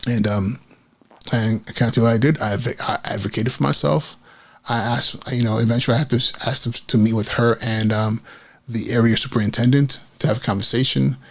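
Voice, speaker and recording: A man's voice: medium pitch, steady tone, fairly quick. A man hosting a podcast, earnestly retelling a story from his career as an educator, acting out the quotes with frequent restarts. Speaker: podcast host, school principal. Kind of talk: personal storytelling monologue.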